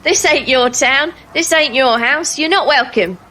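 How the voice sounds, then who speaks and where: Woman doing a rude, gruff manor guard. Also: sits high, unhurried, voice pushed up. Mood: hostile. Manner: gruff, shouting slang insults.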